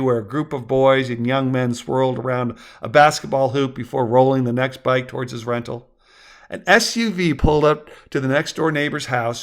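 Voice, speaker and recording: A man narrating his own story aloud with measured, wordy storytelling. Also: medium pitch, a bit bright. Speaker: author and narrator.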